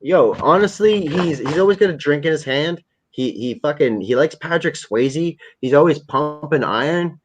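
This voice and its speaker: A man's voice: fairly high pitch, animated, normal speed, hardly any pauses, lo-fi sound, a little hiss or hum. Rambling, profane man hosting a stream. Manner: rambling and profane, with many fillers. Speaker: livestream host. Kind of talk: casual chat.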